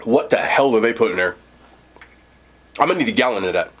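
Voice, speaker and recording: A man's voice: on the low side, lively intonation, fast, long pauses, a bit bright. A young man reviewing food in a casual eating vlog, enthusiastic and talking while he chews. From New Jersey. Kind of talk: eating vlog with mouth full.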